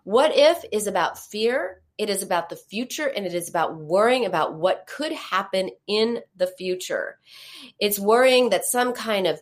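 A woman's voice: mid-range voice, animated, normal speed. A woman who leads a support group on emotional eating, talking casually in a live stream and answering viewer comments in a reassuring, conversational way, with fillers and repeated words.

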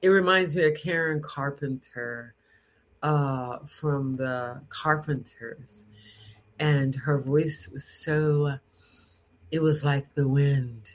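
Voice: medium pitch, slow. An adult speaking in an unscripted teaching talk about sound, with a strong, frank and direct tone. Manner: demonstrates sounds with lively put-on voices and bits of song.

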